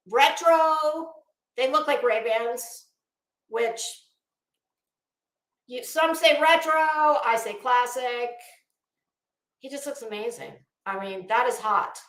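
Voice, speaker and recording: Middle-aged woman, slow and sassy fashion commentator, bright tone, echoey room. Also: sits high. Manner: chatty, opinionated and sassy. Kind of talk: casual commentary.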